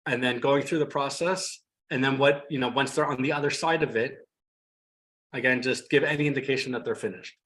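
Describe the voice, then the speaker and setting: Tired, animated man with a bright voice. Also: medium pitch, brisk, poor audio. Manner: animated storyteller, acts out quotes. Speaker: hypnotherapist guest. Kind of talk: casual group discussion.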